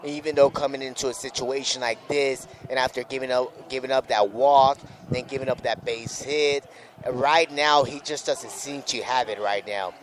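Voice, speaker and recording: A man's voice: mid-range voice, fairly even intonation, normal speed. A man co-hosting a live sports radio show, commenting on the game and repeating himself emphatically when upset.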